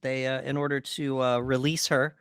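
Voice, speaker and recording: A man's voice: mid-range voice, little pitch movement, normal speed, fairly bright tone, clean tone, dry recording, clean studio sound. A man co-hosting a podcast, casually walking through a horror movie in a laid-back way with lots of fillers. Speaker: podcast co-host. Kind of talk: casual movie breakdown chat.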